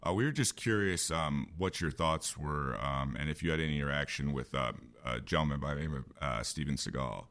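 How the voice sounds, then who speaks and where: A man hosting an interview, asking halting, rambling questions with many fillers and easy laughs. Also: a bass voice, fairly bright tone. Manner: halting, many "um" and repeated words, laughs easily. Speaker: podcast host, interviewer.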